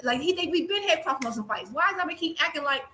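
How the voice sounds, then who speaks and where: Fast, bright-voiced woman ranting. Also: sits high, animated, slight background noise. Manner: fast emphatic ranting with quoted asides. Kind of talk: casual panel chat.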